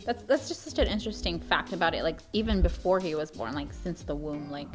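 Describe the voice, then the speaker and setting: A woman's voice: fairly low pitch, lively intonation, fairly quick. A woman co-hosting a casual faith podcast, adding agreement and wry asides. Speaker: podcast co-host. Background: faint background music.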